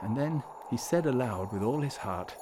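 Male narrator for a storybook, measured and gently expressive, mid-pitched, faint hiss behind.

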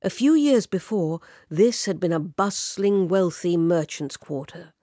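A woman narrates a story in a slow, measured way. Her voice sits on the low side, and she drops to a whisper when the tension rises. She is recorded close and dry. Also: animated, mellow, no echo. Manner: slow, measured, dropping to a whisper at tense moments.

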